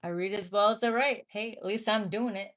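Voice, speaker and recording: A woman's voice: mid-range voice, steady tone, brisk, a bit bright. Blunt woman chatting on a livestream. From American Midwest. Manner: blunt, swears, reads chat comments aloud. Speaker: livestream host. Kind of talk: casual livestream chat.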